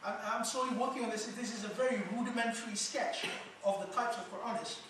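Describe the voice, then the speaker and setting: A man's voice: extremely high pitch, fairly even intonation, fairly bright tone. Man lecturing in an echoey hall. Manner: measured, explanatory, poses questions to the audience. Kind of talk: conference lecture. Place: conference hall. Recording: echoey hall from far off with noise.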